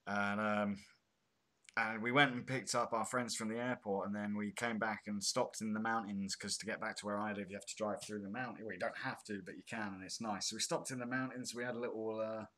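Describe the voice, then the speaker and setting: Host, lowish bright voice, easygoing and rambling. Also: male voice, steady tone, a little fast. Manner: rambling, tangent-prone, chuckling asides. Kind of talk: casual chat. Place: home in Spain.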